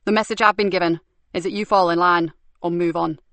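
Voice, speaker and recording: A woman's voice: fairly low pitch, fairly even intonation, a little fast, fairly bright tone, no room sound. A woman voicing a blunt senior male police superintendent in an audiobook.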